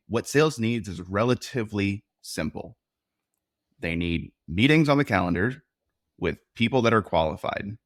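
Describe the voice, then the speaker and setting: A man's voice: lowish voice, fairly bright tone, dry recording, clean studio sound. A man being interviewed as a podcast guest, explaining his views in a confident, direct way. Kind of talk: conversational interview.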